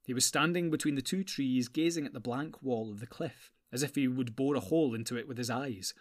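Measured male audiobook narrator. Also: medium pitch. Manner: measured, sometimes dropping to a hush.

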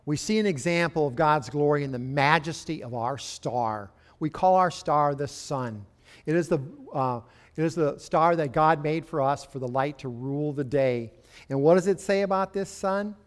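An older male pastor preaches in a church with a relaxed, folksy manner. His voice sits a bit higher than most men's. He often turns to the congregation with chatty asides. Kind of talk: sermon.

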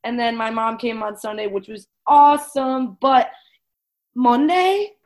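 A woman's voice: a little high, fairly even intonation, unhurried, a little mellow. A woman in her twenties co-hosting a podcast, chatting casually in a bubbly, giggly way, full of "like.". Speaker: podcast co-host. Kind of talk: casual chat.

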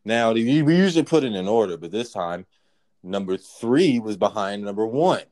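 A man casually telling a work story among friends, profane and animated, acting out what people said. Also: fairly low pitch, normal speed. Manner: profane, animated, acts out quotes.

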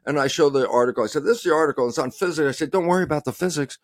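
An animated man speaking as an interview guest, and his pitch leaps up and down for emphasis as he quotes his own remarks. The sound is dry and close, with no room around it. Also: racing, no echo. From United States. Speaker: guest scientist. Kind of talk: passionate interview talk.

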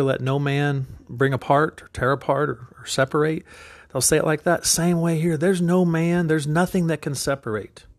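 A man's voice: a little high, no echo, studio quality. Earnest man giving a devotional talk. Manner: earnest, repeats words when moved. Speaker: podcast host and recovery coach.

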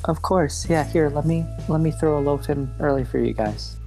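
Timid, polite baker who stammers, pitched well up, as a man voices him. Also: normal speed, creaky, dark tone, faint music behind. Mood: eager polite. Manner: stammering, much higher pitch.

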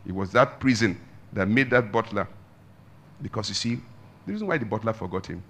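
With heavy emphasis, a male pastor preaches his sermon, letting both pitch and loudness rise and fall dramatically and drawing out his emphasis at a slow pace.

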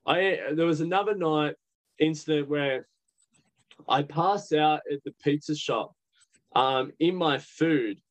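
A man's voice: a little high, takes it slowly. A young Australian man, a podcast guest, telling his story candidly in a rambling way, full of "like". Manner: candid, rambling with many "like" fillers. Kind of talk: casual storytelling.

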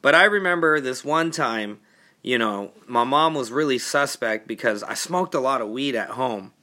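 A man's voice: mid-range voice, expressive, normal speed, sharp tone. A man hosting a podcast, telling funny personal stories in a laid-back, profane, laughing way. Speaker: podcast host. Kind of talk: casual storytelling.

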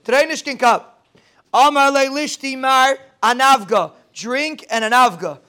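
High-voiced man teaching Talmud. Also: measured pace, clean tone. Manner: mixes Aramaic readings with lively conversational asides. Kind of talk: daily Talmud lesson, reading and explaining.

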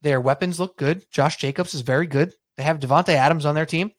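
A man co-hosting a sports podcast, chatting casually and telling rambling, animated stories. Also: fairly high pitch, a little fast, no echo. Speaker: podcast co-host.

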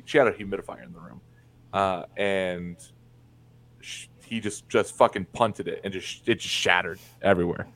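Candid, swearing man with a low voice. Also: steady tone, moderate pace, creaky, fairly bright tone. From Indiana, USA. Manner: candid and profane, many fillers and restarts. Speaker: podcast guest. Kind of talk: casual interview storytelling.

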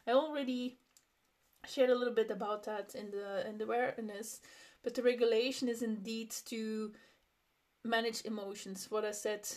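A woman's voice: fairly high pitch, a little mellow. Open, laughing woman podcast host. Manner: open, personal, laughs often, many restarts. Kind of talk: reflective solo podcast talk.

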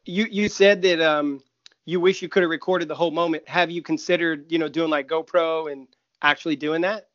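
Podcast co-host, man, light voice, relaxed and chummy, slightly lo-fi audio. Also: on the high side, fairly quick, no echo. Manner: laughs easily, friendly and relaxed. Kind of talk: casual chat.

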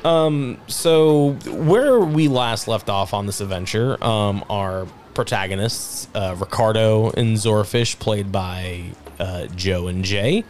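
A man's voice: fairly low pitch, slow pace, few pauses, a little hiss or hum. A man acting as game master, narrating a tabletop game in casual chat with fillers and laughs. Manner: animated, laughing, filler-heavy.

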